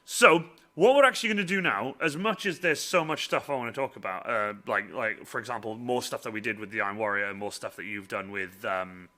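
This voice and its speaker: A man hosting a casual live-stream Q&A, excitable and laughing often as he acts out quoted voices. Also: fairly low pitch, fairly quick, few pauses.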